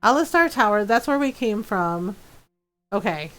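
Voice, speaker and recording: A woman's voice: medium pitch, expressive, a little slow, long pauses, fairly bright tone, rough recording. A woman streaming a game, chatting casually, laughing often and acting out quotes from people she talks about. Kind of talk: casual gameplay chat.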